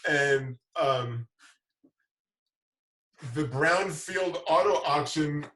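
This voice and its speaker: A man's voice: a little high, very slow, recorded from a distance. Laughing man telling stories in an echoey room. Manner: laughs through his stories, animated retelling. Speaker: show host. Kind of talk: casual livestream storytelling. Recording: roomy, from away from the mic.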